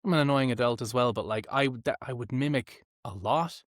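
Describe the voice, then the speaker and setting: A male audiobook narrator with a mid-range voice talks fairly quickly in a casual long-form conversation. He's an animated storyteller who pokes fun at himself, and the recording is clean studio sound with no echo.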